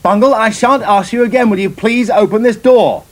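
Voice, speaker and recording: A man's voice: high voice, normal speed. A man presenting a children's show, coaxing and scolding in a parental way. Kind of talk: acted children's TV scene.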